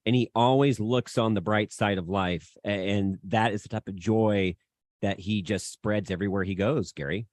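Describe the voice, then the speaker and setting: A man's voice: lowish voice, steady tone, normal speed, a little mellow, no room sound. A man co-hosting a radio show, speaking in an earnest, admiring way. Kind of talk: casual radio talk.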